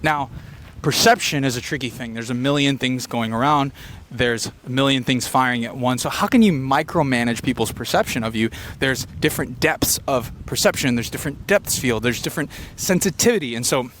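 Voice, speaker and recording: A man doing an unfiltered stream-of-consciousness comedy monologue, rambling and fast-talking with quick tangents. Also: mid-range voice, fairly bright tone, a little hiss or hum. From Filipino heritage. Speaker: comedian podcaster. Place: beach location outdoors.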